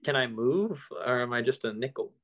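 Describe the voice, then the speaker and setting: A man's voice: mid-range voice, lively intonation, fairly quick, a bit bright, muffled recording. A young man in a band, laid-back and stumbling over his words. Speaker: band member. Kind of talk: casual chat.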